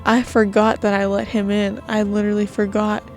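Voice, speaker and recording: A woman's voice: mid-range voice, flat delivery, brisk, a little mellow, faint music behind. A woman gamer giving nervous, jumpy commentary while playing a horror game, talking to herself.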